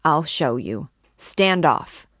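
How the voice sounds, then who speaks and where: A woman's voice: low voice, animated, slow pace, dry recording, studio quality, heavily acted. A woman voicing a raging drunk peasant man. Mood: furious. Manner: shouting ferociously.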